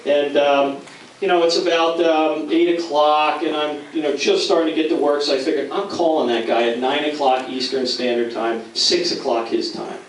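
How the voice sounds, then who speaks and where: At a company dinner, a middle-aged Philadelphia man with a higher-pitched, fairly even voice tells a self-mocking story at normal speed. He's playful and acts out the other people's voices. A distant, very echoey room mic captures him with lots of noise.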